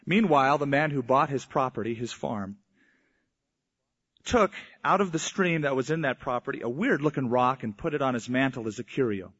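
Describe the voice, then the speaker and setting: A man's voice: mid-range voice, lively intonation, moderate pace, a bit bright, breathy edge. Storytelling preacher man, lo-fi sound. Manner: storytelling preacher, voices quoted people in mock old English. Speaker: pastor. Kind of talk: sermon. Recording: dull lo-fi sound.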